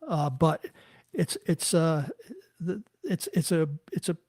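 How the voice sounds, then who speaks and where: A man hosting an interview, talking haltingly and searching for words, with many restarts. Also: a little high, lively intonation, a little mellow, dry recording, studio quality. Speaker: podcast host. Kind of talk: casual interview talk.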